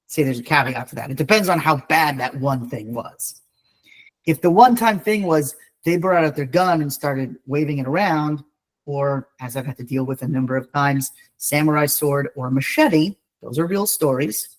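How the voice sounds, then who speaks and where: A man's voice: a little high, low-quality recording. Blunt, wry man giving a legal training. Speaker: eviction attorney. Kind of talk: training webinar talk.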